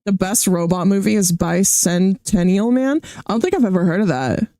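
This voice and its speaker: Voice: medium pitch, lively intonation, moderate pace, dark tone, no echo. Jokey streamer reacting to a video. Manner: jokey, rambling, laughs often.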